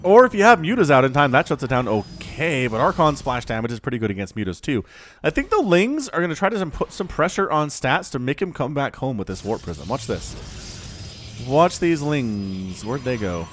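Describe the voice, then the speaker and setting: A man casting a strategy video game match on his own, excitable and chatty, laughing often and fighting the hiccups. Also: mid-range voice, brisk, slight background noise. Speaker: game commentator. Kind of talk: solo esports play-by-play commentary.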